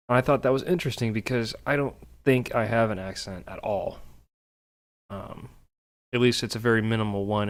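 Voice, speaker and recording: A young man from Texas chatting casually over gameplay, rambling with lots of ums and restarts. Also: fairly low pitch. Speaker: gameplay commentator. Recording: steady noise and game sounds behind.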